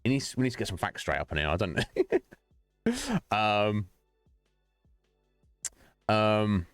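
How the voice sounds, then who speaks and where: A man hosts a live stream, chatting loosely with viewers and breaking into laughter at his own jokes. His voice sits fairly low but moves through a lively, animated pitch range. The recording is dry, with faint music underneath. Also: slow, clean tone, no echo. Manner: chatty, rambling, joking, laughs often. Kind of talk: casual chat with viewers.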